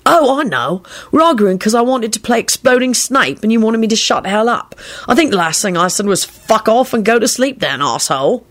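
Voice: mid-range voice, very animated, a little fast, fairly bright tone, voice pushed up. A reader voicing a brash, cocky young male wizard ghost who swears and teases in an audiobook. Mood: cocky teasing. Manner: swearing, breezy, mocking.

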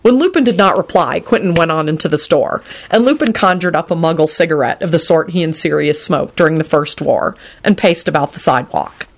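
A woman narrating a story aloud in expressive storytelling style. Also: sits low, a little fast, hardly any pauses. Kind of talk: audiobook reading of fan fiction.

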